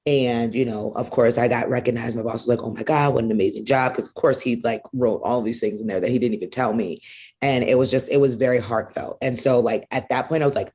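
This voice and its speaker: A woman being interviewed as a guest on a podcast, telling a story in a casual, animated way and acting out the dialogue she quotes. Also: rumbling low, quick pace, breathy edge. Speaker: guest, arena executive.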